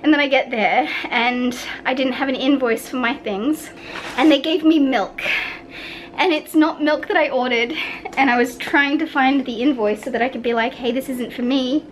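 Woman, at-home vlogger, high voice, candid and rambling, swears a lot, faint room hum. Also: moderate pace, poor audio. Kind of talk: casual vlog chat to camera. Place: at home in an apartment.

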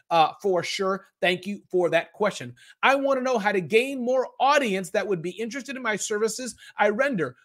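A man hosting a live online business summit, answering viewer questions in a chatty, energetic way and repeating words for emphasis. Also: high voice. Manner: rapid-fire answers with casual slang.

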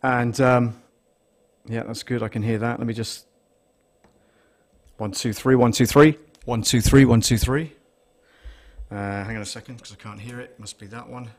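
A man's voice: mid-range voice, fairly even intonation, normal speed, pauses often, a little mellow. A man hosting a casual live stream, thinking aloud as he sets up gear and counts numbers into a close desktop condenser mic in a small studio. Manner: rambling, thinks aloud while setting up gear. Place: small studio with a mixing desk. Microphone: desktop condenser microphone, close.

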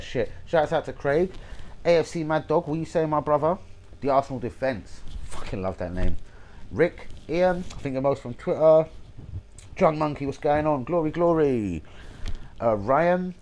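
A young man, hosting a football channel, reading out viewer shout-outs in a chatty, sweary way and stumbling over names. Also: a little high, lively intonation, moderate pace.

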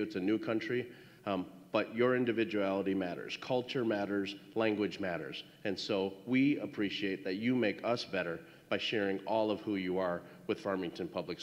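Man speaking playfully at a graduation. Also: lowish voice. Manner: playful, trying out greetings in many languages. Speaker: school official addressing graduates. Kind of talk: ceremony speech. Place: large hall at a graduation ceremony. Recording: echoey hall, dull lo-fi sound.

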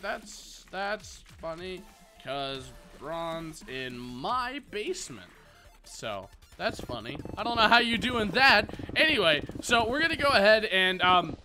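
A young man rambling through Minecraft commentary as a gaming YouTuber, full of self-mocking jokes. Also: a little high. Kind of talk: casual Minecraft let's play commentary.

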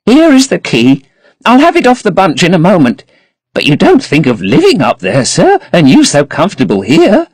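Fussy, chattering old housekeeper, very high and fluttery; played by a male reader. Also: wildly swooping pitch, normal speed, no room sound, heavily acted. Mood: fussing. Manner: high, fluttering, fussing protests.

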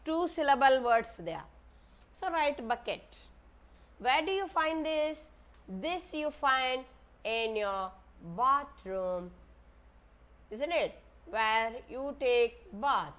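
Primary teacher, woman with an Indian English accent, high voice, slow and patient, spells each word for small children. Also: animated, a bit bright. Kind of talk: online maths lesson for young children.

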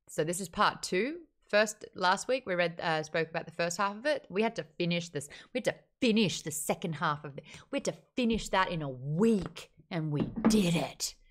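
A woman's voice: deep voice, fairly bright tone. A woman hosting a casual online book chat, reviewing a novel candidly and reading out viewer comments, with wry remarks and frequent laughs.

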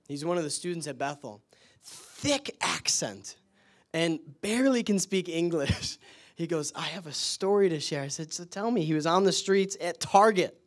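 Lively, laughing male preacher. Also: on the high side. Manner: laughs often, excited storytelling. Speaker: guest preacher. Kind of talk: sermon storytelling and prayer.

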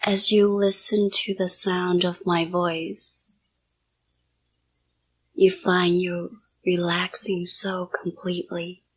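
Woman hypnotist, whispered role-play: low, flat, breathy delivery of soft, repetitive commands. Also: slow.

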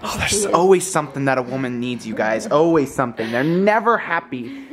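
A young father in his twenties chatting casually in a home vlog, relaxed and teasing. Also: mid-range voice, brisk, crowd noise. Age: 20s. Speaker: vlogger, new father.

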